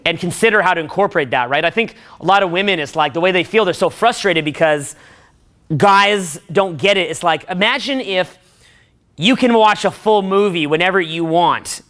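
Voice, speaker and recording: A man giving a profane, excitable dating-advice rant, acting out movie scenes with sudden shouts. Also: high voice.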